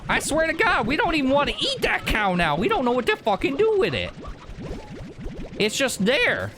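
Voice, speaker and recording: A man voicing a rowdy, foul-mouthed country rancher, hollering in a high, swearing voice. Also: huge pitch swings, normal speed, background noise, heavily acted.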